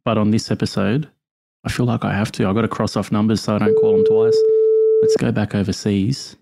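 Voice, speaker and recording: A man's voice: on the low side, little pitch movement, a little fast, creaky, very noisy. A man co-hosting a call-in podcast, chatting casually with lots of "you know" fillers. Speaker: podcast co-host.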